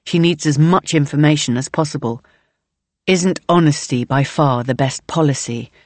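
A woman reading a novel aloud in measured, present-tense audiobook narration. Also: low voice, no room sound.

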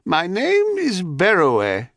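A man's voice: high-pitched, wildly swooping pitch, slow, a bit bright, no room sound, pitched above the performer's own voice, full character voice. A man voicing a scheming goddess disguised as an old crone, with a cracked, cackling voice and a wheedling, prying way of talking.

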